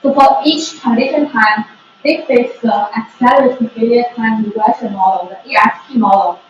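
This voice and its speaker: A woman's voice: on the high side, moderate pace. Woman explaining methods in an echoey room. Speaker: researcher presenting. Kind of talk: academic conference talk. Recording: echoey room, distant dull mic, faint noise.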